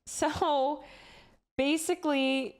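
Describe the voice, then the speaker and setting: A woman's voice: high voice, steady tone, extremely slow. A young woman streamer chatting casually with her live chat, swearing freely and often restarting her sentences.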